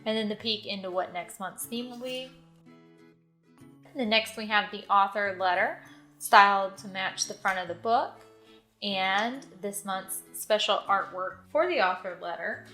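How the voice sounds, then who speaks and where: A woman's voice: mid-range voice, a little slow, pushed and bright, roomy sound, faint music behind. A woman vlogger casually chatting as she unboxes a book subscription box, thinking aloud with plenty of fillers and asides.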